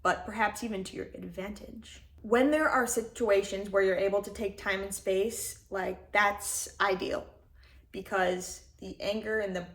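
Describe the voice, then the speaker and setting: Young woman, mid-range pitch, casual reflective self-help host, conversational with lots of fillers.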